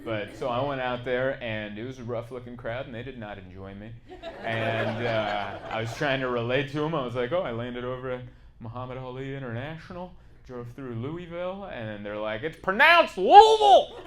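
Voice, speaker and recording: A man doing a stand-up comedy set on stage, chatty and self-mocking, breaking into loud put-on bits. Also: mid-range voice, moderate pace. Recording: live club audience noise.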